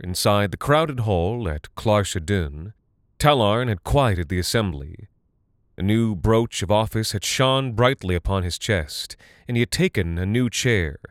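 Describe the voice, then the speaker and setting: A man narrating a fantasy audiobook in a measured, deliberate way. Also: on the low side, dry recording, clean studio sound.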